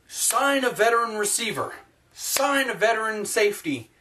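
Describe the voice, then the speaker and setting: A man's voice: high-pitched, animated, moderate pace, bright, forceful tone, slight background noise. A young man hosting his own sports opinion vlog, talking in a blunt, profane, ranting way. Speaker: sports vlogger.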